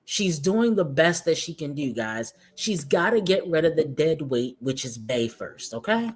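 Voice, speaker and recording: A woman's voice: low voice, very animated, a little slow, a little mellow, breathy edge. A woman giving casual commentary to her viewers, chatty and talking straight to them. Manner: chatty, addresses viewers as guys and y'all. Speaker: commentary YouTuber.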